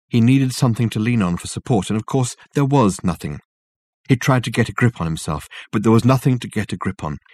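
A man reads a novel aloud in a measured, wry manner. His voice sits fairly low, and the recording is close and dry with no room sound. Steady, clear audiobook narration. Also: dry recording. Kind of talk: scripted narration.

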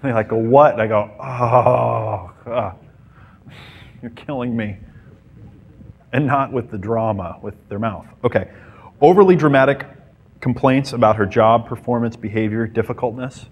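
A man's voice: medium pitch, brisk, breathy edge. Playful man coaching a seminar crowd. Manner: playful, mimics women and acts out scenes. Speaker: dating coach. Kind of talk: seminar talk to a live group.

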